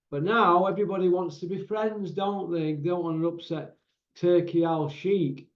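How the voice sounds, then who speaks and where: A man's voice: a little high, a little mellow. A man hosting casual boxing commentary, ranting in an exasperated way and tacking tag questions onto his points. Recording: roomy, dull lo-fi sound.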